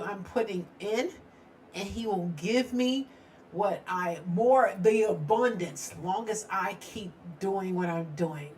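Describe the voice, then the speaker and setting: A woman's voice: mid-range voice, a little hiss or hum. Chatty middle-aged woman live-streaming from home. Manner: chatty, rambling, laughs often. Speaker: true-crime live stream host. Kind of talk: casual live-stream chat. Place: home studio.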